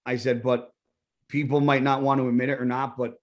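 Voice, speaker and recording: A man's voice: medium pitch, level tone, a little fast, a little mellow, muffled recording. A middle-aged man, a retired pro bodybuilder, telling his story as a podcast guest in a blunt, profane, casual way, acting out what he and others said. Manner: blunt, profane, acts out his own quoted lines.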